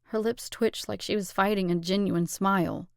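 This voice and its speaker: A woman's voice: mid-range voice, moderate pace, vocal fry, clear, resonant tone, no echo. Woman narrating an audiobook, dry sound. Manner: expressive, steady storytelling. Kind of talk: scripted narration.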